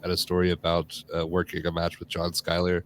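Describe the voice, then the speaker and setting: A man's voice: low voice, monotone, a little fast. A man hosting a podcast interview in casual chat, loose and full of "like" fillers. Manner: loose, filler-heavy, frequent "like". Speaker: podcast host.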